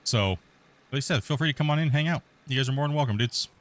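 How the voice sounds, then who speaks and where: A man's voice: mid-range voice, fast talker. A middle-aged man hosting a multiplayer game stream, talking in a laid-back, rambling way with lots of restarts. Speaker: let's play host. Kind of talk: casual gameplay commentary.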